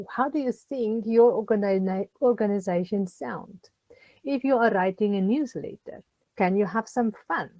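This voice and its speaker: A woman with a mid-range, dark-toned voice, a social worker, gives a chatty, encouraging recorded tutorial to a group, full of ums and questions to her listeners. The sound is muffled but has no echo.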